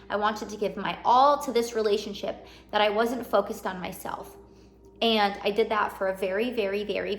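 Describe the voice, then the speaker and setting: A woman's voice: mid-range voice, reverberant. A woman giving a casual, earnest motivational talk straight to her viewers, full of rhetorical questions and pep-talk encouragement. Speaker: self-help vlogger.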